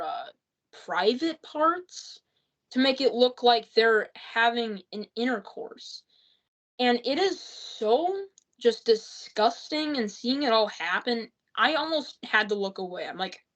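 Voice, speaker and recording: A woman's voice: a little high, fairly bright tone, muffled recording. A woman giving a rambling, exasperated spoken movie review, full of fillers and restarts.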